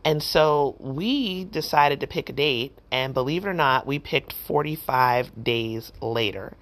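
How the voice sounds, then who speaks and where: A middle-aged woman hosting a podcast, telling a personal story in a chatty, animated way with lots of fillers and acted-out quotes. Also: a bass voice, unhurried. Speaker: podcast host. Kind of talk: casual storytelling.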